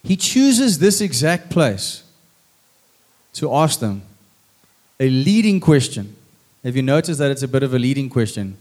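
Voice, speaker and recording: A man's voice: medium pitch, measured pace, pauses often. A man preaching a sermon in church, who tells the story with drama and acts out the lines. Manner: lively and dramatic, acting out lines. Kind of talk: sermon with acted scripture. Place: church stage with a congregation.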